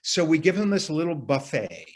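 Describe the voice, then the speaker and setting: A man guiding an arts workshop speaks a little high in a sing-song way at normal speed. He earnestly explains ideas in a relaxed teaching voice, with occasional mild curses and sentences he restarts as he thinks.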